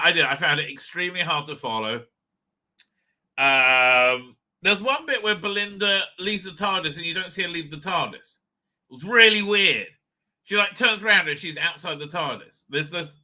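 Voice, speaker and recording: A man giving a live reaction review in a very bright, forceful voice that sits a little high. He rambles and restarts, swears freely, and flares into loud outbursts. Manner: rambling, profane, stop-start with sudden loud outbursts. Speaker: show host and reviewer.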